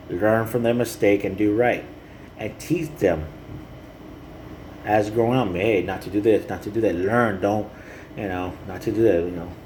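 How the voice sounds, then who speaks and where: Man, fairly low voice, earnest, halting, fillers, faint hum behind. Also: darkish tone, poor audio. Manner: halting, repeats "you know" often; earnest and heartfelt. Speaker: father speaking to camera. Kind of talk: rambling personal monologue.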